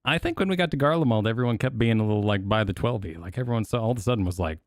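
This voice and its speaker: Lively, rambling young man streaming. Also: fairly low pitch, racing, dry recording, clean studio sound. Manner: rambling, animated, full of restarts and filler. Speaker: streamer reacting to event videos. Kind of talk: casual reaction chat.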